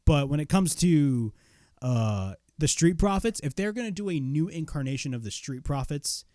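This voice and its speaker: A young man giving a casual spoken wrestling review, blunt and excitable, swearing freely. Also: on the high side, moderate pace, no room sound, studio quality.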